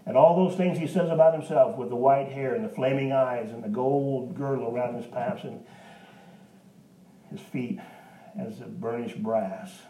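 A pastor preaching a sermon in a church, with an emphatic, folksy manner and homespun asides. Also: male voice, medium pitch, steady tone, moderate pace, dark tone, reverberant, recorded from a distance, rough recording.

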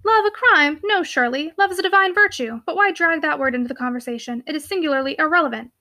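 A woman reading the part of a gentle young woman in an audiobook, earnest and heartfelt. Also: sits high, fast talker.

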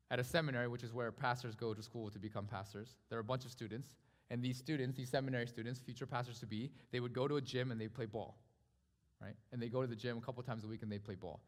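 A man preaching a sermon as pastor, swinging from loud exclamations to hushed, earnest tones. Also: medium pitch. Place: church sanctuary. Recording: reverberant hall with soft guitar.

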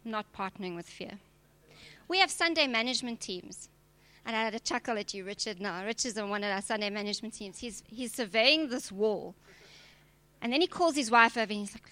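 A woman's voice: a little high, lively intonation, fairly quick, pushed and bright, dry recording. A woman preacher, giving a direct, emphatic sermon with touches of humor. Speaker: preacher and church leader.

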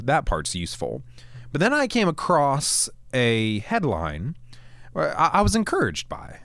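An animated man hosts a Christian talk show, his voice lively and expressive and rising high when he voices others. He talks in a loose, conversational way, often restarting his sentences. The sound is dry and close. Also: no room sound. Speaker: podcast host. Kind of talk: casual Christian commentary.

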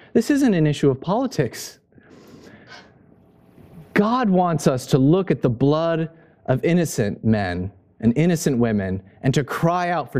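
A male pastor preaching a sermon, passionate and emphatic, pushing his pitch up to stress points. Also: dark tone.

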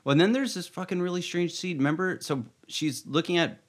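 A man's voice: sits high, brisk. A man co-hosting a casual podcast, recapping an episode in a rambling way with lots of fillers and laughs. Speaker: podcast co-host.

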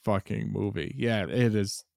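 A man's voice: lowish voice, unhurried, creaky, a little mellow, no room sound, studio quality. A man co-hosting a film podcast, chatting casually, swearing freely and restarting his sentences as he rambles. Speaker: podcast co-host.

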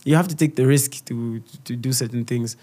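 A man's voice: mid-range voice, normal speed, dark tone. A young Zambian man with a Zambian accent, a comedian being interviewed, telling stories casually and slipping into a local language for quoted voices. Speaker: guest comedian and content creator.

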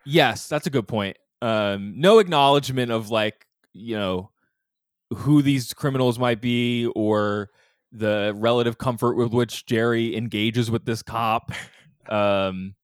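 A man co-hosting a podcast, chatting casually and acting out quotes in a mock high whiny voice. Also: slow, no room sound, studio quality. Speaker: podcast co-host.

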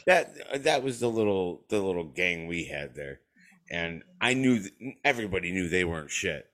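A man with a very low voice tells a story on his podcast in a loose, casual chat. He swears freely, laughs often, and acts out the voices of the people he quotes. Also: very animated, normal speed, a bit bright. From western New York. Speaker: podcast host. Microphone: remote call.

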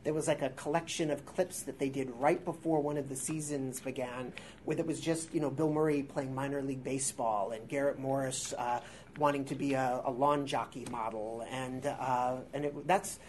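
High-voiced man in his forties, rambling. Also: steady tone, normal speed, darkish tone, a little hiss or hum. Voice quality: high-pitched voice. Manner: rambling, self-deprecating, with filler words and restarts. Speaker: guest improviser. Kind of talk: casual interview storytelling. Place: theater workshop space before a live audience.

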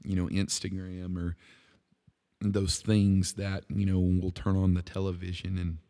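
A man's voice: sits low, completely flat delivery, measured pace, mellow. A man hosting a podcast, talking earnestly and conversationally about faith and worship, with frequent fillers and restarts. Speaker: podcast host and worship leader. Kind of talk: casual devotional talk.

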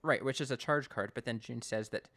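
A man's voice: mid-range voice, fairly quick, fairly bright tone. A Canadian man co-hosting a podcast, casually recapping an episode and acting out lines in raised voices. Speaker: podcast co-host.

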